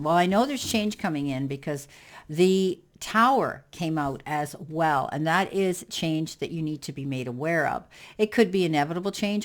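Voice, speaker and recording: A woman giving a general tarot reading in a reassuring manner, with many fillers and repeated words. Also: low voice. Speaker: tarot reader.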